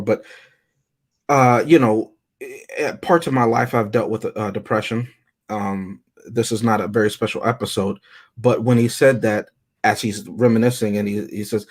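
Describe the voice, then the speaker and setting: A man's voice: fairly low pitch, steady tone, normal speed. A man co-hosting a casual film review chat, talking in a reflective, rambling way. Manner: reflective, rambling, reads quotes aloud.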